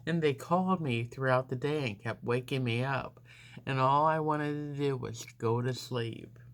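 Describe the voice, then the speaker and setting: A woman telling a long personal story in a casual, rambling way while she does her makeup. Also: very deep voice. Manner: rambling, unhurried, with frequent fillers. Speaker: beauty vlogger.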